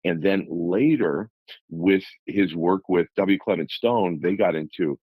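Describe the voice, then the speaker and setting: A man's voice: deep voice, unhurried, no echo, narrow, tinny audio. A man on a radio talk show, coaching listeners through numbered self-help steps in an earnest, motivational way. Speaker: life coach guest.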